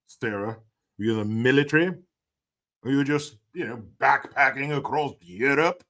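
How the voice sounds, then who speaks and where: A man's voice: mid-range voice, normal speed, fairly bright tone. A man hosting a casual livestream, reading chat aloud and joking crudely with plenty of swearing. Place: indoors, cold room.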